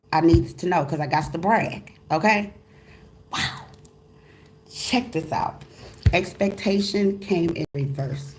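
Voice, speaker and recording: A woman giving a casual, motivational tarot reading as host of her channel, talking emphatically with slang, repeated phrases and excited exclamations. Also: lowish voice, slight background noise. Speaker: tarot reader.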